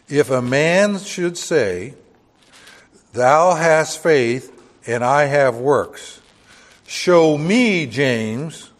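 An older man preaching a Bible-teaching sermon in a church, talking conversationally and asking the congregation rhetorical questions. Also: on the high side. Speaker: pastor.

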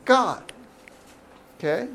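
A middle-aged man teaching a Bible study as pastor, pausing to ask the listeners questions. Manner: asks the audience questions, animated.

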